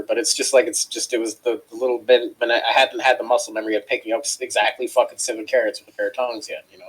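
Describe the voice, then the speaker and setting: On a casual chat show, a male co-host with a lowish, breathy voice spins a long, profane story, acting out the people in it. The recording quality is poor.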